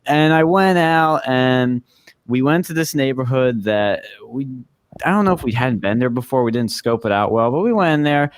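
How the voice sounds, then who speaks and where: A man's voice: medium pitch, animated, normal speed, clear, resonant tone, no echo. A young man hosting a podcast, telling a casual, rambling story with swearing and acted-out quotes. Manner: rambling, profane, acts out quoted speech. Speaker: podcast host.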